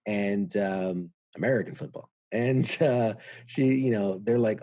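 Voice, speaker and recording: A man's voice: lowish voice, measured pace, dry recording. A middle-aged man from New York, a veteran guest telling his story candidly and acting out the dialogue he quotes. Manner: acts out quoted dialogue with lively voices.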